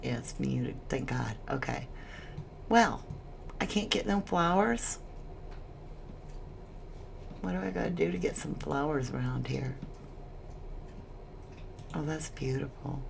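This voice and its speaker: A woman's voice: deep voice, takes it slowly, gravelly, pauses often, slight background noise. A woman hosting a casual livestream chat, emotional as she reads viewer comments aloud. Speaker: livestream host.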